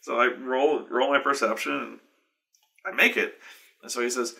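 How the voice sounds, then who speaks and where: A man hosting a show, telling a long, animated, profane story with lots of restarts. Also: medium pitch, moderate pace, gravelly. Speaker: show host. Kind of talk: casual storytelling.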